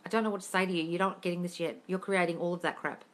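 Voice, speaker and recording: A woman's voice: lowish voice, fairly even intonation, rapid-fire. A woman hosting a casual live-stream Q&A, reading viewer questions and answering them bluntly with plenty of swearing.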